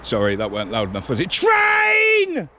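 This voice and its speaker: A man giving chatty, excitable walking commentary to the camera as a railway enthusiast vlogger. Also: a little high, normal speed. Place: outdoors on a path beside a railway line. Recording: outdoor street noise.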